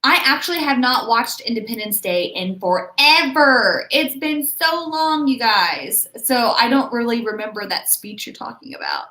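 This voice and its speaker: A woman's voice: on the high side, big pitch swings, normal speed, hardly any pauses, bright, forceful tone. A young woman hosting a writing livestream, chatting casually and bubbly with viewers. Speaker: writing channel host. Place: home room. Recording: echoey room.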